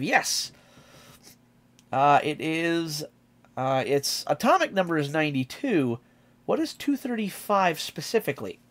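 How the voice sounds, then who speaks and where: A man's voice: on the high side, a bit bright. A man streaming a casual reaction, chatty and enthusiastic as he explains lyrics.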